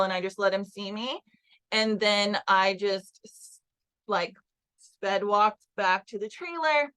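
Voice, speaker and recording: Woman telling a work story straight, bright clear tone, earnest. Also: medium pitch, low-quality recording. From Los Angeles. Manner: earnest, recounts events with quoted dialogue. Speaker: construction project manager, guest. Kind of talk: candid storytelling in interview.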